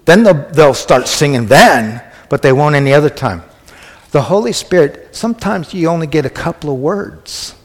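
A man's voice: fairly high pitch, expressive, normal speed. Conversational preacher man in an echoey hall. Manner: conversational, asks the congregation questions. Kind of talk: sermon.

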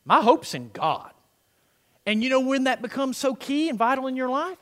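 A middle-aged man preaching a sermon, swinging between soft, murmured prayer lines and loud, emphatic declarations. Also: very high voice, big pitch swings, normal speed. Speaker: pastor. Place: church sanctuary. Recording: long hall reverb.

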